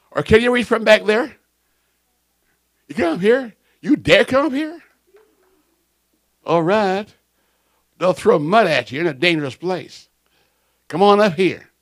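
Male preacher, shouts and storytells, lively swooping high voice, dry close mic. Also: no room sound. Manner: fiery, shouting, emphatic; storytelling, playful asides. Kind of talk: sermon. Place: church. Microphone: microphone.

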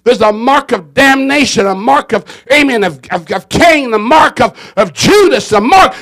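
Fiery high-voiced male preacher. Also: animated, moderate pace, hardly any pauses. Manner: fervent, swings between shouting and hushed tones; repetitive, hammering phrases. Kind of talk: fiery sermon.

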